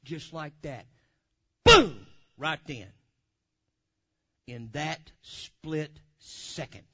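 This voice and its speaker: A man telling a testimony in a sermon, swinging from loud hollering to low, quiet asides. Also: extremely slow, breathy edge. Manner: animated storyteller, swings from hollering to low murmurs. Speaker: preacher. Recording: dull lo-fi recording.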